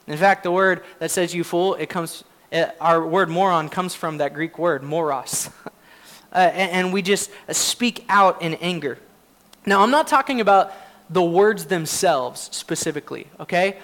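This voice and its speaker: Pastor, male, high-pitched, delivers an earnest conversational sermon, lots of fillers, laughs at himself. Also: normal speed, fairly bright tone. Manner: earnest, conversational preaching with frequent fillers and restarts; self-deprecating, laughs often.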